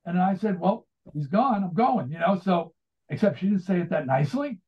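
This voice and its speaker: A man's voice: sits high, expressive, normal speed. A man in his sixties with an American accent, talking about his writing in a casual, rambling interview, full of restarts and asides. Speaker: author and rock singer guest. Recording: tinny phone-like line.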